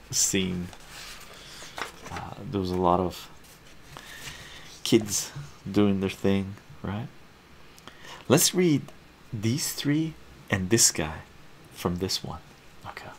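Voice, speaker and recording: Give me a man with a low, creaky voice slowly reading comics for ASMR. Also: a little hiss or hum. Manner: laid-back, chuckles often while reading. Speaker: channel host reading comics.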